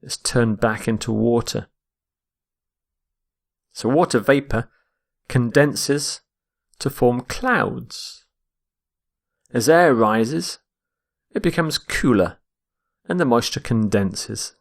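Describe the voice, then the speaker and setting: A man teaching English vocabulary, explaining each word slowly and repeating it to show where the stress falls. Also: medium pitch, animated, creaky. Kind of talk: slow, explained vocabulary lesson.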